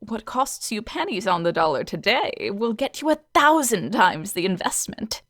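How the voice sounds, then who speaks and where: A woman's voice: medium pitch, sing-song, normal speed, a bit bright, no echo, studio quality. A woman reading an audio story, voicing a pushy, flustered alien woman who sells land on Mars, with chatty, overly earnest sales patter. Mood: earnest sales pitch.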